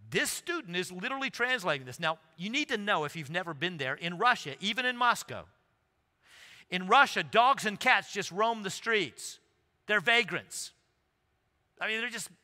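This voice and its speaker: A middle-aged male pastor preaching a sermon, telling a funny story with lively, animated delivery. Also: on the high side. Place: large church sanctuary. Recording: livestream with long hall reverb.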